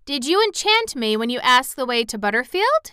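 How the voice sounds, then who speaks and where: A woman's voice: sits high, big pitch swings, normal speed, bright, forceful tone, clear, resonant tone, no echo, clean studio sound, voice pushed up, full character voice. A woman reading aloud and voicing a polite, curious little farm girl in a storybook, earnest and wondering.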